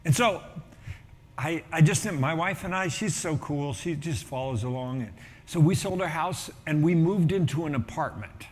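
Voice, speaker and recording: A middle-aged man, a pastor, telling a story in a sermon with lively energy and acting out the voices of people in it. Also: on the high side, normal speed, in a large hall. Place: church auditorium.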